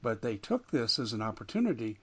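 A man's voice: mid-range voice, very animated, brisk, a bit bright, slightly rough. A man hosting a talk radio show, delivering an emphatic monologue that rises and falls with indignation. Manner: emphatic, rising and falling with indignation.

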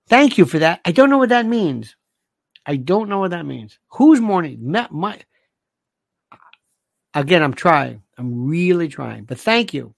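An older host rambles through listener comments with a lively, swooping delivery that turns sharply indignant. The voice is close to the mic with a dry sound and no room echo. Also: medium pitch, moderate pace, vocal fry. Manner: animated, indignant, rambling, rhetorical questions. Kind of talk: monologue reading listener comments.

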